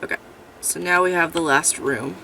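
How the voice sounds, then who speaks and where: A woman giving casual, chatty commentary while playing a game, swearing freely and breaking into loud outrage. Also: sits low, moderate pace, vocal fry, distant mic, slight background noise. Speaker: gameplay commentator. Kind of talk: casual let's-play commentary.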